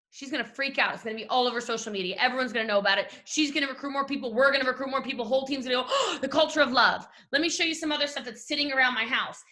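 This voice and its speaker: Brief: high-pitched Southern woman, bright tone, gushing team-leadership pep talk from home. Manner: animated, gushing, talks straight to listeners. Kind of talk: energetic motivational talk on a call. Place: at home desk. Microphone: video call.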